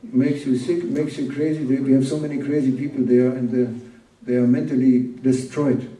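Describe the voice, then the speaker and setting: A man giving an informal sermon as a sheikh, speaking in a plain, halting way and repeating words for emphasis. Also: medium pitch, level tone, dark tone. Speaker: sheikh teaching a religious talk. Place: gathering room at a summer camp. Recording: roomy room, distant mic.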